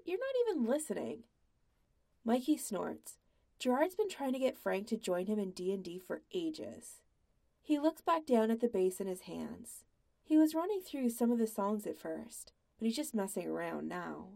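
Gravelly, mellow woman narrating a story. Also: medium pitch, moderate pace. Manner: quiet, even, intimate reading. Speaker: podfic reader. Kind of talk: fan fiction audiobook narration.

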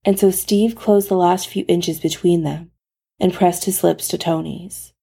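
Slow, gravelly woman story narrator. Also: lowish voice, fairly even intonation, dark tone. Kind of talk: reading fan fiction aloud.

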